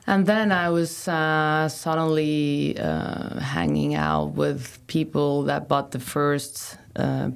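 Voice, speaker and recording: A woman DJ and producer from Mexico and Norway, chatting casually in an interview, relaxed and rambling with lots of fillers. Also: low-pitched, gravelly, clear, resonant tone. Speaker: DJ and producer guest. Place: artist room of a venue.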